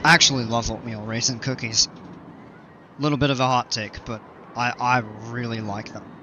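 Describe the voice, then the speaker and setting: A man's voice: mid-range voice, steady tone, moderate pace, sharp tone, lo-fi sound, a little hiss or hum. A man giving casual gameplay commentary, rambling and self-mocking with many fillers. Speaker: game channel host.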